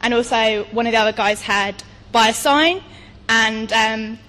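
A woman's voice: fairly high pitch, measured pace, a bit bright, in a large hall. A woman sharing a testimony story, hesitant with many fillers. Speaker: church member sharing a story.

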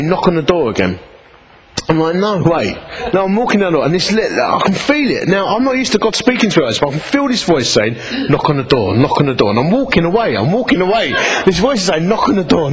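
A middle-aged man, a vicar telling a story in a sermon with lively, self-mocking delivery. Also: on the high side, poor audio. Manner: animated, self-mocking, acts out voices in anecdotes.

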